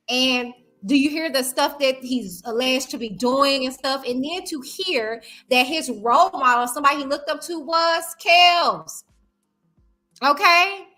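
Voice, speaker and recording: A woman's voice: high voice, bright, forceful tone. A woman hosting a vlog, giving emphatic, chatty commentary straight to her viewers. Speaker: vlog host. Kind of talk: casual commentary.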